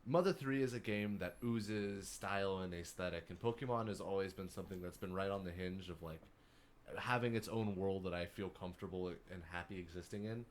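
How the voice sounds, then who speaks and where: A man co-hosting a podcast, chatting casually about video games and riffing with dark jokes. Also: deep voice, fairly quick. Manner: animated, darkly joking rambles. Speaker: podcast co-host. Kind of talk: casual gaming chat.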